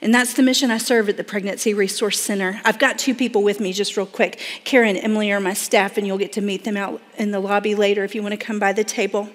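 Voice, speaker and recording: A woman's voice: mid-range voice, little pitch movement, fast, hardly any pauses, long reverb tail. A woman from Florida with a Southern accent, giving a folksy church talk and addressing the audience directly. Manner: folksy, talks straight to the audience with many "y'all". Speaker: pregnancy center director speaking at church.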